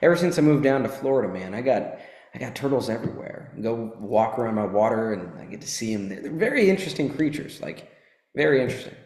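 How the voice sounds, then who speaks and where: A man giving a casual, animated motivational talk to an audience, swearing and joking as he tells a fable. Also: mid-range voice, fast talker. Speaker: motivational teacher. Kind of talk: live motivational talk with storytelling. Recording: echoey hall.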